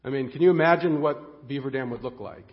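A man preaching a sermon as pastor, earnest and excitable, often repeating the first words of a phrase as he goes. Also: mid-range voice, a little fast, long reverb tail, lo-fi sound.

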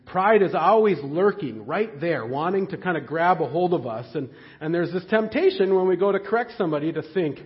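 A man preaching a sermon in a conversational, animated way, with frequent fillers and restarts. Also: high-pitched, fairly quick, few pauses, muffled recording. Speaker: pastor.

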